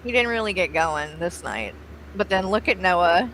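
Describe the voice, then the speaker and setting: A woman's voice: on the low side, lively intonation, moderate pace, fairly bright tone, a little hiss or hum. A woman, chatting casually as co-host of a stream, cooing over her dog and swearing freely. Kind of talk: casual chat on a livestream.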